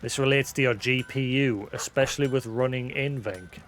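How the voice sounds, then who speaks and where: A man's voice: mid-range voice, moderate pace, a bit bright, slight background noise. A man who hosts a live stream, chatting casually, rambling and self-deprecating, thinking aloud with many restarts. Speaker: livestream host.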